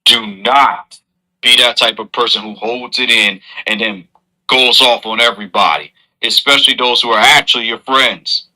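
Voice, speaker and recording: Man, very bright ringing voice, earnest, moralizing, lecturing streamer. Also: mid-range voice, steady tone, moderate pace, poor audio. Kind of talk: preachy advice monologue.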